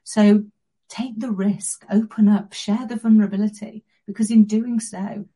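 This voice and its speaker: Earnest woman guest with a warm, raspy tone, speaking reflectively. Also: mid-range voice, steady tone, rough recording. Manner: earnest and reflective, with soft pauses. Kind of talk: personal story in an interview.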